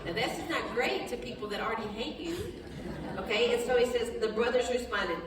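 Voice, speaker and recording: A woman's voice: fairly high pitch, a little hiss or hum. A woman leading a Bible study, reading scripture aloud and stopping to explain it in plain, chatty words. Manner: plain talk with restarts, brief laughs, soft and slow in prayer. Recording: echoey hall, voice from far off.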